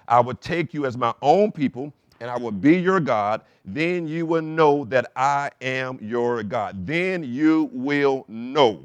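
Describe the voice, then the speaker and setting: A male pastor with a medium-pitched voice, recorded dry, preaches a sermon. Between points he reads scripture aloud, and he prompts the congregation to call back their responses.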